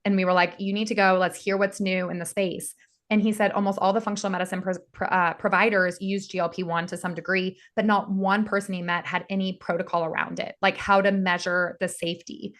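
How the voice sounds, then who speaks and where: A woman with a hoarse, worn voice answers questions on a video call. She talks eagerly in quick bursts. She sounds like an experienced health professional. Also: mid-range voice, level tone, a bit bright. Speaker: functional medicine practice founder, guest.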